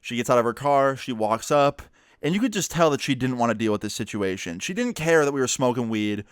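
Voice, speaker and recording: Young man, casual storytime vlog, profane and animated, mid-pitched, smooth voice. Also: brisk, no echo, clean studio sound. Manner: profane, animated retelling with quoted dialogue. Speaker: YouTuber.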